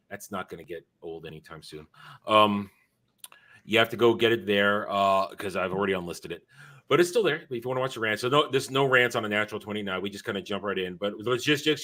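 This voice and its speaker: Tired, bright-voiced man rambling on stream. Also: on the low side. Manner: rambling, self-correcting, chatty. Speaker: streamer hosting his own show. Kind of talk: casual live-stream chat.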